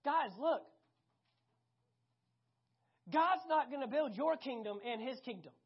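A preacher delivering a sermon, emphatic and animated, repeating key phrases and swinging between loud and hushed. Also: high-pitched, slow pace, slightly rough. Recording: dull lo-fi recording.

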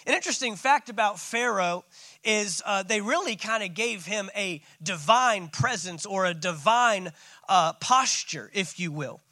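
A man's voice: high-pitched, unhurried, sharp tone, no echo. A man preaching a sermon as pastor, calling out to his congregation. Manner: preaching with call-outs.

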